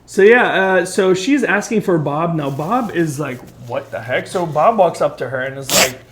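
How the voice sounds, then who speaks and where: A man's voice: a little high, normal speed, a little hiss or hum. Chatty man telling a spooky story. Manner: animated, filler-heavy storytelling with acted quotes. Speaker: storyteller and co-host.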